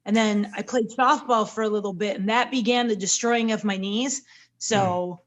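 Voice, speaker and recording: A woman, a pro wrestler, telling lively stories in a casual podcast interview and acting out the quotes. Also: medium pitch, moderate pace, lo-fi sound. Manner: lively storyteller, acts out quotes.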